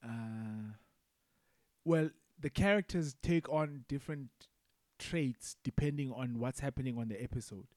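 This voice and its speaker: A man's voice: mid-range voice, measured pace, a little mellow, no room sound, studio quality. A man co-hosting a podcast in casual chat, laid-back and rambling, swearing freely. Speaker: podcast co-host.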